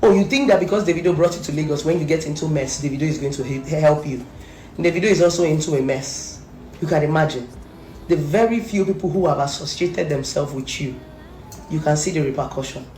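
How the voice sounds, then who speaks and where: A woman's voice: low-pitched, fairly quick, warm tone, a little hiss or hum. A woman with a Nigerian accent delivering a fierce, accusing rant to camera, hammering her points with repetition. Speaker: social media commentator. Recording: echoey room, faint background music.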